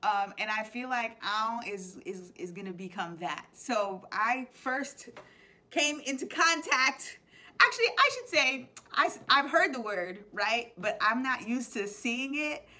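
A woman's voice: a little high, lively intonation, a little slow, pushed and bright. A young adult woman teacher hosting a playful web show, explaining slang in a chatty way and laughing often.

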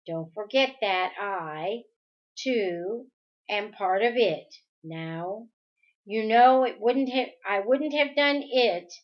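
A woman reading the part of an eerily calm possessed little boy, speaking slowly with no emotion. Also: medium pitch, dull audio. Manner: emotionless, placid, slow and deliberate.

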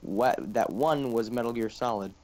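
A man's voice: mid-range voice, moderate pace, a little mellow. A man talks loosely with friends during a gaming livestream. He rambles and teases in an everyday mid-range voice. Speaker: friend on a gameplay stream. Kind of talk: casual chat on a livestream.

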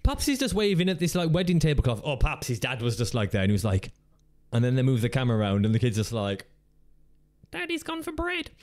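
A man's voice: medium pitch, lively intonation, fast talker, a little mellow. Rambling, jokey male vlog host. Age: adult parent of a teenager. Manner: rambling and jokey, with playful swearing. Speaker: channel host. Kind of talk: casual reaction commentary.

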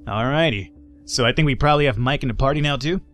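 A man casually talks through a video game, offhand and joking, with plenty of swearing. His voice sits at an ordinary, middle pitch. Faint music runs underneath. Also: fast, a bit bright. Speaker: game commentator. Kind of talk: casual game commentary and reading.

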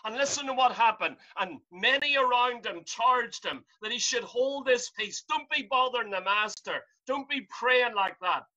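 A man's voice: very high-pitched, moderate pace, few pauses, pushed and bright, dull audio. A man preaching a sermon from home over a video call, fervent and pleading, rising to cries.

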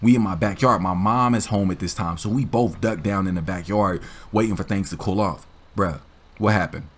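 A man hosting a gaming channel, telling a story in a casual, animated, slangy way with frequent laughs. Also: deep voice, moderate pace.

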